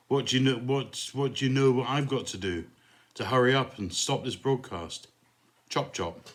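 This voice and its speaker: A middle-aged pastor chatting casually in a jokey, rambling way, reading a poem and saying a prayer. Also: male voice, medium pitch, moderate pace. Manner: jokey, rambling, fond of puns.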